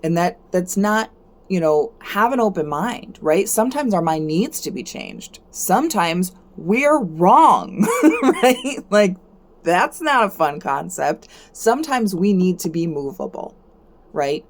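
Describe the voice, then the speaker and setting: A woman hosting a card-reading stream, giving a casual motivational talk. She keeps asking "right?", repeats herself, and her voice jumps up high when she gets animated. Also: takes it slowly.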